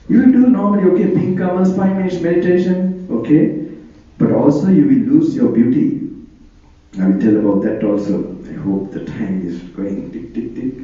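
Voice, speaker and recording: A man's voice: a little high, mellow. A Buddhist monk with a Sri Lankan accent gives an informal sermon in English. His first language is Sinhala, and his talk wanders from point to point with frequent chuckles. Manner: chatty and digressive, chuckling often. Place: hall on tour. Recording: roomy, distant, lo-fi hall recording.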